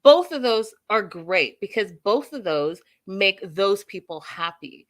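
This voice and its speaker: A woman's voice: medium pitch, measured pace. Opinionated woman recapping a show. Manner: opinionated, animated, addresses viewers directly. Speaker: host. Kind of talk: casual recap and commentary.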